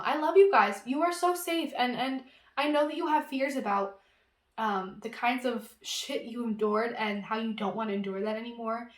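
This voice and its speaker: A woman giving an intuitive tarot reading, talking in a gentle, reassuring and casual way with lots of fillers. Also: a little high, reverberant. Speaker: tarot reader.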